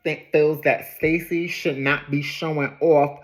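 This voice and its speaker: A woman's voice: sits low, little pitch movement, measured pace, rough recording. A woman giving a casual, chatty recap of a reality show, laughing easily and drifting off on tangents. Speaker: TV recap host.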